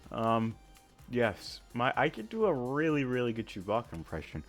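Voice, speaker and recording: A man casually talking through a flight simulator game, thinking aloud with many pauses and filler words, and breaking into sudden excited outbursts. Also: mid-range voice, faint music behind. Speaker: flight sim gamer. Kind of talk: casual gameplay commentary.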